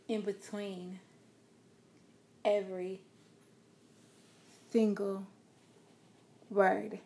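A woman giving a spoken lesson on vocal expression, talking calmly and encouragingly and changing her loudness and pace to show examples. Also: medium pitch. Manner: calm, encouraging, shifts loudness and pace to demonstrate. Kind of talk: instructional talk.

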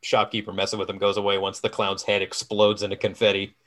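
A man's voice: on the low side, monotone, fast, a bit bright. A man co-hosting a podcast in casual chat, dropping dry joking asides. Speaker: podcast co-host.

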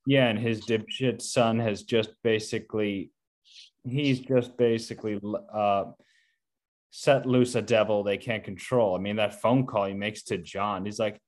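A man with a fairly low voice chats about movies with a friend. He talks in an animated way and acts out lines from scenes he remembers. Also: measured pace. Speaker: co-host discussing films. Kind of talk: casual film discussion.

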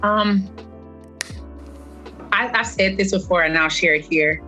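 Guesting on a podcast, the same kind of earnest fitness instructor, an adult woman beyond her twenties, talks from the heart and repeats phrases to drive points home. She speaks slowly in a mid-range voice with a sharp tone, faint music playing behind her.

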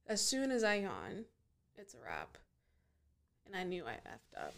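A woman's voice: lowish voice, wildly swooping pitch, a little slow, gravelly, a bit bright. A woman from Southern California, a podcast guest in casual chat, earnestly pushing back in friendly argument.

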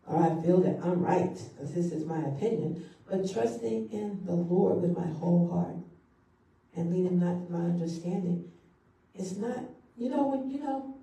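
A woman's voice: on the low side, gravelly, mellow. A woman pastor preaching a sermon, repeating key phrases for emphasis. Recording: echoey hall from far off.

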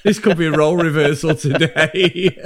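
A man co-hosting a podcast, chatting casually about a film in a rambling, sweary, animated way. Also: a little high, moderate pace, slight background noise. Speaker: podcast co-host. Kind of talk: casual film review chat.

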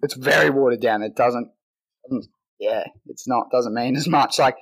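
Brief: young aussie male co-host, mid pitch, crude and laughing, loose podcast chat. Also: normal speed, creaky, fairly bright tone. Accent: Australian. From Australia. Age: young adult. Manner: crude, laughing, swears a lot. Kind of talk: casual banter.

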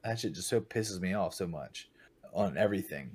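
A young man in casual podcast chat, blunt and profane, telling animated stories about his team. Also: low voice, moderate pace, husky. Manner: blunt, swears a lot, animated storytelling. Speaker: podcast guest, paintball team captain.

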